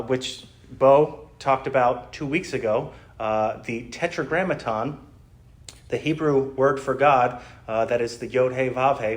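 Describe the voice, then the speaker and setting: A middle-aged man teaches from scripture in an easygoing, conversational tone. His pitch sits in the ordinary middle range. He pauses often on "uh" while working through an explanation. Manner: conversational, explanatory, frequent "uh" fillers. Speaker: pastor. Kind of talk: sermon teaching.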